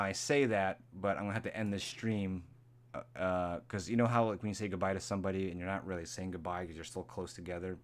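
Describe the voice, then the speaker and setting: A man hosting a casual live stream, rambling and repeating himself, now and then jumping into a high, mocking voice to imitate angry people.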